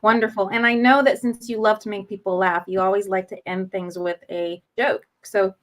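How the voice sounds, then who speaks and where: A woman's voice: mid-range voice, fairly even intonation, moderate pace. A woman hosting an interview show, who talks with enthusiasm and laughs often. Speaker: show host. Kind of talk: interview conversation.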